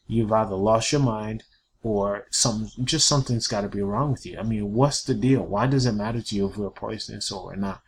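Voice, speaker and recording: A man's voice: lowish voice, moderate pace, slight background noise, lightly acted. Man doing big brother snake, impatient, exasperated, fed up. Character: irritated older boy snake.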